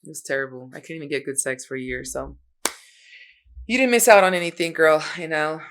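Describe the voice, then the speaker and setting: A woman's voice: deep voice, fairly quick. Laid-back slangy woman podcast host. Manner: laid-back, slangy, with many filler words. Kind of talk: casual chat.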